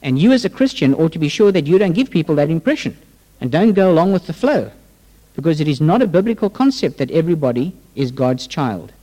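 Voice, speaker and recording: Animated male preacher in a reverberant hall. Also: a little high, quick pace. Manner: emphatic preaching with a prayer opening. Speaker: pastor. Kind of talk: sermon.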